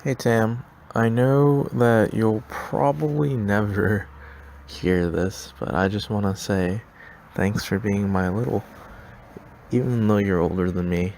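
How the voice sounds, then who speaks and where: A young man with a low, gravelly voice speaks shyly and hesitantly. A faint background hum sits behind his recorded thanks. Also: steady tone, slow pace, darkish tone. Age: young adult. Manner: shy, hesitant. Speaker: student club member. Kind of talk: recorded farewell message.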